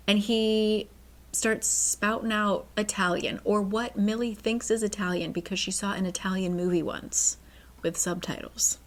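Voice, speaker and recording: A woman's voice: mid-range voice, steady tone, moderate pace. A woman hosting a book channel, recapping a novel in a chatty, casual way with sarcastic asides.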